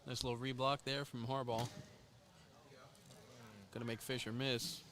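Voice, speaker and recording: A man giving playful color commentary and quick reactions beside a cornhole match. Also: medium pitch, little pitch movement, background noise. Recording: loud crowd at a live match.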